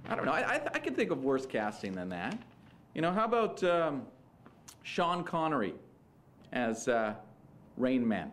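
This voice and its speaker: A man's voice: medium pitch, sing-song, normal speed, long pauses, fairly bright tone, slight background noise. A male stand-up comedian in a conversational, musing set with some hesitant fillers.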